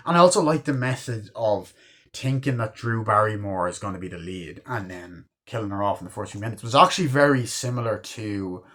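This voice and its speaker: A man's voice: on the low side, fairly bright tone. A young man casually reviewing a film, rambling with lots of fillers and frequent swearing. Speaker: movie reviewer.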